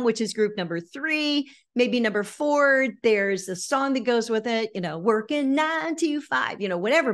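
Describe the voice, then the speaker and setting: A middle-aged woman with a fairly high voice leads a lively online workshop on presenting. She talks in an animated, storytelling way and now and then sings a line to make her point. She sounds like she is speaking into a computer mic on a video call. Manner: animated storyteller, bursts into snippets of song. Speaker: presentation skills trainer. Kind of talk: lively virtual workshop talk.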